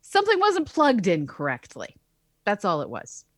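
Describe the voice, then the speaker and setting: A woman's voice: medium pitch, huge pitch swings, moderate pace, no room sound, clean studio sound. A woman co-hosting a casual science podcast as an astronomer, explaining with wry, sarcastic asides. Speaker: co-host, astronomer.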